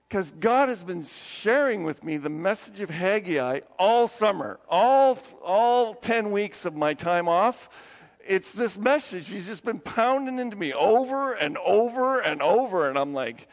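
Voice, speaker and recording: A man preaching a sermon in a fairly high, gravelly voice. He tells stories with animated energy. The sound is dull and carries a long church reverb. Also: a little slow. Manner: storytelling, grows animated with raised pitch when quoting; soft, low prayer voice. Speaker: pastor. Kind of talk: sermon with opening prayer. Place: church sanctuary.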